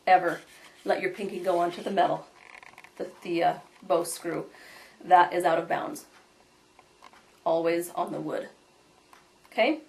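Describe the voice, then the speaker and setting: A woman's voice: fairly low pitch, vocal fry. A woman teaching violin, explaining step by step and demonstrating as she goes, recorded from a distance in an echoey room. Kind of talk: instructional demonstration.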